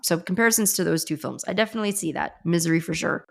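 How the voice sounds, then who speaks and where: Low-pitched woman hosting a podcast chat. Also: very fast, creaky. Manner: rambling, restarts often, laughs. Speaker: podcast host. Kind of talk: casual chat.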